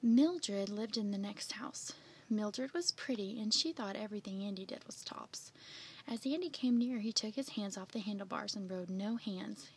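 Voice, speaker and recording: Brief: woman narrator, storybook read-aloud, mid-pitched, gentle and expressive. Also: moderate pace, slight background noise. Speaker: storybook reader. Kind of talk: reading a children's picture book aloud.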